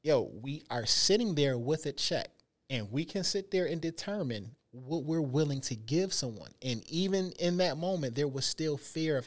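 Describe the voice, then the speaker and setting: A man's voice: on the high side, animated, moderate pace. Emphatic colloquial man co-host. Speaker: podcast co-host. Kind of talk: casual chat.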